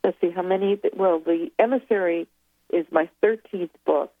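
A woman with a lowish voice speaks at an ordinary speed as a guest author, her dry recording coming over a thin phone line. Her interview talk is informal, meandering, and halting as she tries to remember.

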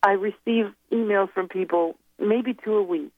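Heard through a telephone, the tinny line carries a woman author's medium-pitched voice at normal speed, recorded dry. She's interviewed casually and drifts hesitantly through her recollections.

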